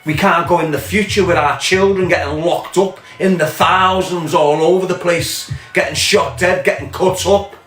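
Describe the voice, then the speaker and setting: A man's voice: high-pitched, steady tone, normal speed, few pauses, fairly bright tone, faint music behind. Ranting Scouse man, echoey room. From Liverpool, England. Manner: angry, ranting, sweary, repeats pointed questions. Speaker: podcast host. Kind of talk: impassioned monologue.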